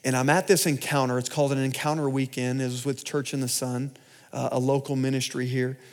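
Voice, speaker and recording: A man preaches in a church, telling his own story. His delivery swings from loud, driving phrases to hushed, almost whispered asides. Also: medium pitch, little pitch movement, a little fast. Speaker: pastor. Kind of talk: sermon testimony.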